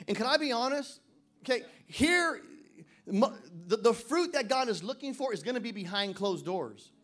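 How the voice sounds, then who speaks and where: A man with a very high voice preaching to his church. He swings from loud emphatic declarations to quiet joking asides, and he slows right down to read scripture with weight. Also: animated. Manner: reads scripture slowly and deliberately. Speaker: pastor. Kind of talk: sermon. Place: church service.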